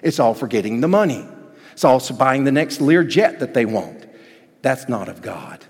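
A male pastor preaching with dynamic swings, dropping to near-hushed tones and then building to emphatic, raised passages. His voice sits at an ordinary mid pitch and carries a long hall reverb. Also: sing-song, moderate pace, slightly rough. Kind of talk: sermon.

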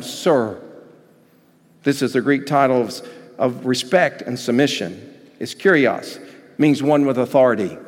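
A man preaching a sermon as pastor, shifting between hushed intensity and loud, emphatic passages. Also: on the high side. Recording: hall reverb.

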